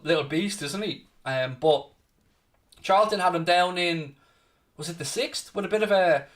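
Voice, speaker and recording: A man's voice: on the high side, a bit bright. Chatty Irish man hosting a watchalong. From Ireland. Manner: chatty, answers viewer questions, says "mate" often. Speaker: watchalong host. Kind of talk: casual live-stream chat.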